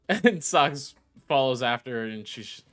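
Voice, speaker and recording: Slow, lively-voiced tabletop player. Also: medium pitch, soft background music. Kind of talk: tabletop game chat.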